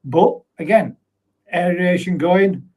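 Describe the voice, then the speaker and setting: A man's voice: sits high, slow pace, a little mellow. A man hosting a casual live chat about ponds, talking freely and bantering with viewers. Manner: chatty, reads out viewer comments with banter. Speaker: host of live pond chat.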